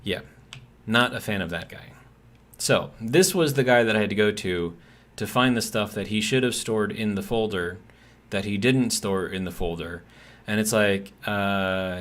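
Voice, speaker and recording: A man's voice: on the low side, moderate pace. A man streaming a game, telling a long, exasperated work story in a rambling, casual way with lots of fillers. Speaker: gaming streamer. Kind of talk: casual ranting chat while gaming.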